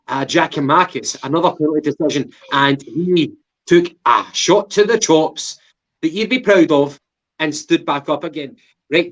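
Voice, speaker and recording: A man from England co-hosting a football podcast, reviewing a match in casual, swearing, teasing banter. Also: on the high side. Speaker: podcast co-host. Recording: lo-fi muffled audio.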